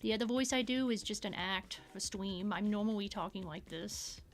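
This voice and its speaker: A woman's voice: mid-range voice, moderate pace, soft background music, lightly acted. A woman streamer putting on a sweet, playful uwu baby-talk voice, lisping and drawing out her words as she chats while drawing. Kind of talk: casual live-stream chat while drawing.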